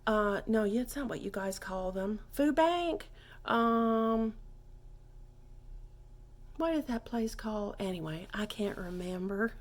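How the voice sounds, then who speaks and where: A woman's voice: mid-range voice, slow pace, long pauses, close to an everyday voice. A woman playing a scatterbrained character who gives a clumsy French lesson, rambling off on tangents and stumbling over phrases. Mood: chatty. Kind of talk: comedic mock lesson monologue.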